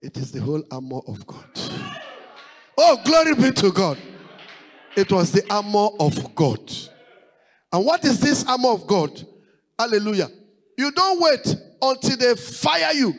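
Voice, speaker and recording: Lively, high-pitched preacher man. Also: measured pace, pauses often, rough recording. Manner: preaching with rising exclamations and repetition. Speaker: pastor. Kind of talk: sermon.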